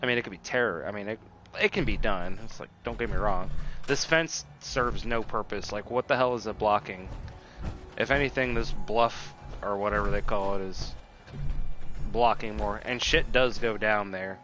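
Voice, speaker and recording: In casual gameplay commentary, a slightly drunk man rambles and swears while streaming a video game, repeatedly interrupting himself. He has a fairly low voice with a bright, forceful tone and a moderate pace.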